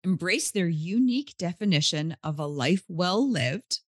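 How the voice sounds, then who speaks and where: A woman's voice: on the low side, lively intonation, unhurried, no echo, clean studio sound. A woman hosting a podcast, introducing her guest in an upbeat, effusive way. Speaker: podcast host.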